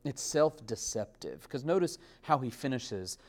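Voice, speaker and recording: A man's voice: mid-range voice, animated, unhurried, a little mellow. A man preaching a sermon, emphatic, with big swings in volume and pace as he builds and drops his points. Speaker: pastor.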